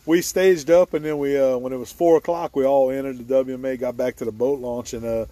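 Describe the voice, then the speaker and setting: A man's voice: mid-range voice, fairly even intonation, brisk, mellow. A man, hosting a hunting video and telling a story outdoors with frequent laughter. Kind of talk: casual storytelling. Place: outdoors at a boat launch before dawn.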